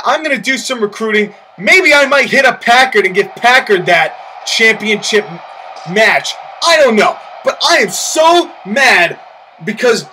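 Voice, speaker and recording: A man calls a wrestling match in a very high, bright voice. He is loud and excitable, often shouting and ranting in character between calls. A faint hiss of noise sits behind him. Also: rough recording. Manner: loud, shouting outbursts, incredulous exclamations. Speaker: commentator of a simulated wrestling match. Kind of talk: excitable play-by-play commentary with in-character promo rants.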